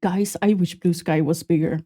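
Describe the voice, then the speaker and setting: A woman streamer chatting casually with her viewers while reacting to a video, animated and self-mocking, with a slight Swedish accent. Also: fairly low pitch, moderate pace. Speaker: VTuber streamer.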